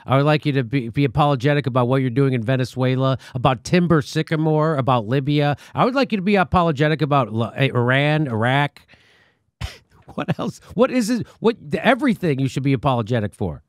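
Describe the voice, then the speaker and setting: A man's voice: medium pitch, animated, brisk, no room sound, studio quality. A man hosting a political commentary show, talking in a sarcastic, mocking way. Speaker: show host.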